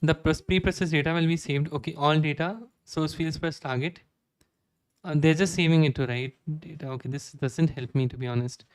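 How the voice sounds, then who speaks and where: A young man with an Indian accent streaming live code, reading documentation aloud and thinking out loud with many "okay"s. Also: a little high, steady tone, fairly quick, clean tone, dry recording. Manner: reads docs aloud, frequent "okay" fillers.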